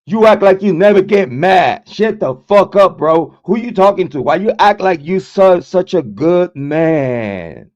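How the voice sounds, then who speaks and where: A high-pitched, slightly mellow male voice carries this profane, confrontational livestream rant from a true crime channel host. He's animated, a little slow, hardly pauses, and constantly repeats words and restarts with a stammer. Dull, lo-fi recording.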